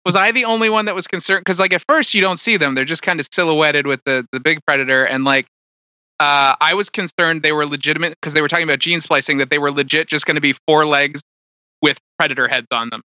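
A man co-hosting a casual movie podcast, animated and incredulous. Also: a little high, fast talker, no room sound, muffled recording. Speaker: podcast co-host. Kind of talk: casual movie review chat.

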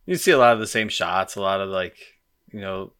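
A man co-hosting a podcast while sick and hoarse, chatting casually and joking. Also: low voice, expressive, fairly quick, fairly bright tone. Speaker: podcast co-host. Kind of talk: casual chat.

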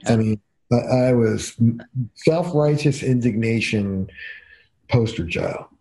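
Man, older, from new jersey, emphatic storyteller, mellow voice. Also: mid-range voice, slow pace. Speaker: couples therapist. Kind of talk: casual podcast conversation.

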